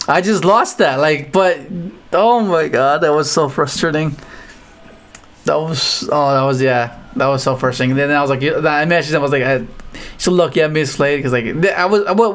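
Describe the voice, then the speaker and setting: A man giving casual, rambling commentary on his own card game matches, with frequent restarts and excited outbursts. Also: on the high side, normal speed. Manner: rambling, restarts often, animated exclamations.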